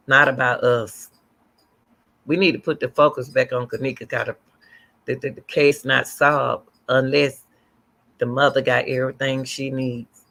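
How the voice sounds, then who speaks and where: With an extremely low, slightly bright voice, a middle-aged woman runs a livestream. She talks casually, rambling as she responds out loud to viewers' comments.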